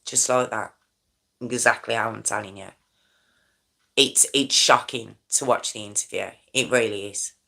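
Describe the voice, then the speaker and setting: Woman, middle-aged, true crime host: bright, forceful delivery, chatty and emotive, keeps asking "okay?". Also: very deep voice, normal speed, creaky. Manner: conversational, checks in with "okay?", shocked and emotive. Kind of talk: true crime commentary monologue.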